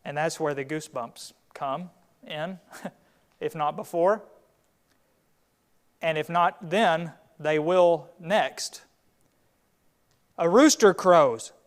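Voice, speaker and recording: A man's voice: a little high, slow, pauses often. Man teaching a Bible class. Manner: retells scripture with acted quotes, conversational.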